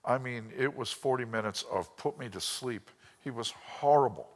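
A man's voice: medium pitch, moderate pace. A man teaching a sermon from an outline, telling stories and acting out the people he quotes. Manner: storytelling, voices quotes, drops to a whisper. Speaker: Bible teacher. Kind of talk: lively sermon with anecdotes. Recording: long hall reverb.

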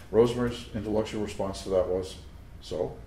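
A man's voice: fairly low pitch, steady tone, normal speed, dark tone, slight background noise. A man preaching a sermon, telling stories in a conversational way with asides to his listeners. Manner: anecdotal, conversational storytelling with asides to the crowd. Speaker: pastor. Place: teaching room before a live audience. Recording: roomy echo of a room.

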